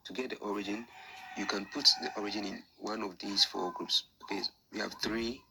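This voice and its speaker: Low gravelly man teaching a lesson. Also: steady tone, a little fast, noisy background. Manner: patient, repetitive, thinking aloud with fillers. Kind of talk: screen-share lesson explanation.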